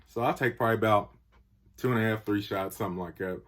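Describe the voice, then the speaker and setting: A man's voice: mid-range voice, fast talker, slightly rough. A young man telling a story in casual talk, acting out the quotes and the sound effects.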